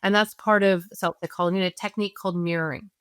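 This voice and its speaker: A woman as a parenting expert guest, explaining in a conversational teaching style, animated and earnest, walking through examples step by step. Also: fairly low pitch, quick pace, clean tone, dry recording, clean studio sound. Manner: animated, acts out parents and kids in quoted voices.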